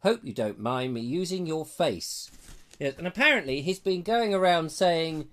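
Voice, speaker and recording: A man's voice: on the high side, very animated, moderate pace, a bit bright. A British man hosting a live online show, casually reading viewer comments aloud with playful jokes and asides. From Britain. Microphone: lapel mic.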